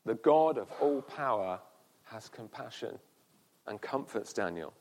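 A man preaching a sermon at a church service, earnest, with pauses and slow, emphatic repeats. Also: medium pitch, lively intonation, a little mellow, a little hiss or hum.

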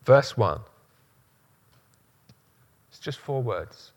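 A man's voice: on the high side, big pitch swings, measured pace, a bit bright, highs cut off. A man preaching a sermon, using emphatic repetition and rhetorical questions.

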